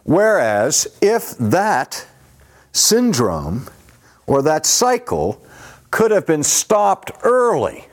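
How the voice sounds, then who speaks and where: A man lecturing at an unhurried, measured pace. His pitch rises and falls with animated emphasis as he walks through a point step by step. He keeps stopping to ask his listeners questions. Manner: deliberate, asks rhetorical questions. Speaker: teacher. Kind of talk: teaching lecture.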